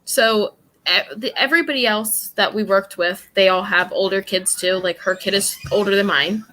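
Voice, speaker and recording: A woman's voice: mid-range voice, normal speed, bright, forceful tone, slight background noise. A young woman from New York, co-hosting a podcast and chatting casually, blunt and rambling, laughing often. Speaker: podcast co-host. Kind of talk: casual chat.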